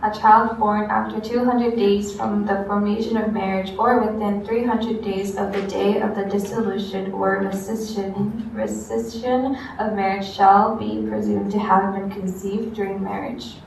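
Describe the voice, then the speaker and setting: A woman's voice: mid-range voice, level tone, unhurried, gravelly, few pauses, darkish tone, slight background noise. A woman student reading a legal text aloud in class. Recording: echoey classroom from far off.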